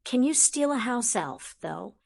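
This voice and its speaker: A woman's voice: on the high side, expressive, measured pace, creaky, darkish tone, exaggerated voice. A woman reading an audiobook, voicing an inquisitive teenage girl witch who asks pointed questions. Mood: demanding.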